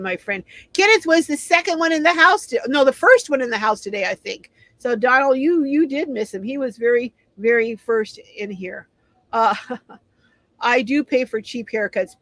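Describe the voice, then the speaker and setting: Woman, middle-aged, casual livestream host, reads comments aloud, slightly high voice, dry close sound. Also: no echo, poor audio. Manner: chatty, reads viewer comments aloud and responds warmly. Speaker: live stream host.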